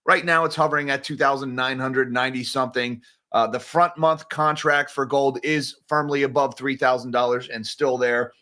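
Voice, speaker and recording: A man giving casual, rambling solo commentary on markets, sarcastic, with animated asides. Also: medium pitch, normal speed. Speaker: finance commentator.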